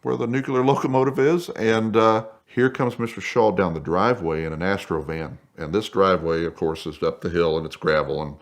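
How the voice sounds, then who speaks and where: A man telling a casual anecdote in a lively way. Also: low voice, a little fast, hardly any pauses. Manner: animated, acts out voices in quotes. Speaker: guest storyteller.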